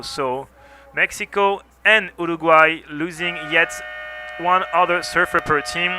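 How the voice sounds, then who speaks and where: A man with a French accent doing live surf commentary, chatty and lively. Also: a little high. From France.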